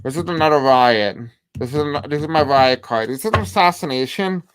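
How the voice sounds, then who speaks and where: A person giving a tarot reading to their viewers in a halting way, often pausing and repeating the same phrases while laying out cards. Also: mid-range voice, lively intonation, clean tone, no echo. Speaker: tarot reader. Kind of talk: casual tarot reading to camera.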